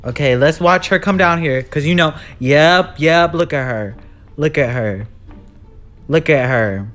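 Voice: mid-range voice, measured pace, a bit bright, soft background music. A gamer giving live commentary on a horror game, jumpy and sassy, shrieking when scared and talking back to the villain. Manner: frightened shrieks and repeated exclamations.

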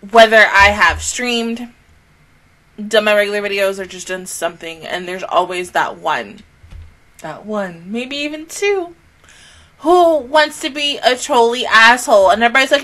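A young woman rants through a casual reaction video in a bright, slightly high voice. She swears freely, jumps between loud outbursts and low mutters, and mimics other people in quick put-on voices. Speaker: YouTuber reacting to anime.

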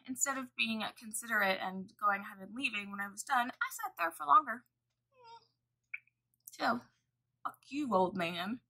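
Woman makeup vlogger, husky and bright, swears freely, chatty home tutorial. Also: medium pitch, low-quality recording. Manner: chatty, profane storytelling. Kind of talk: casual makeup tutorial chat.

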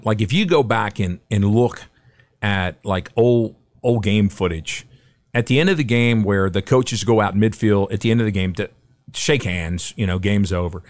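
A middle-aged man, a podcast guest, telling a story in casual, animated chat and acting out the quotes. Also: lowish voice.

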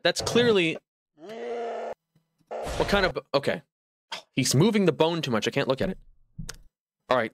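A man's voice: on the high side, a bit bright, a little hiss or hum. Exasperated young man ranting on stream. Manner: mock-outraged, exasperated ranting. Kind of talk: live stream rant.

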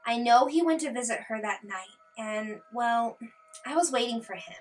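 A woman's voice: fairly high pitch, lively intonation, moderate pace, far from the mic, close to an everyday voice. A woman voicing an earnest, eager young college girl who is a lab partner with a crush.

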